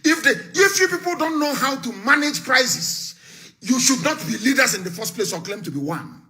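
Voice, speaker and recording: A man's voice: very high voice, lively intonation, normal speed, bright, forceful tone. A man giving a live political broadcast speech as an activist leader, fiery, scornful and emphatic, repeating his warnings. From Nigeria.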